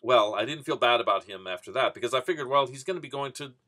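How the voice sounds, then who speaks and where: A man's voice: mid-range voice, expressive, fast talker, sharp tone. A man casually telling a rambling personal story, full of "you know" and restarts. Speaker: vending business vlogger.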